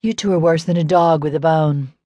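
A woman's voice: low-pitched, fairly even intonation, a little fast, mellow, no echo. A woman voicing a guarded adult woman who talks in a dry drawl, in a dry audiobook recording.

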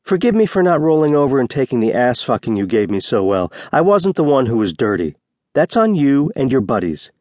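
A man's voice: mid-range voice, big pitch swings, fairly quick, darkish tone, no room sound, clean studio sound, close to an everyday voice. A man voicing a cold, tough woman ex-cop. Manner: cold, cutting, profane. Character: tough sharp-tongued woman ex-SWAT officer.

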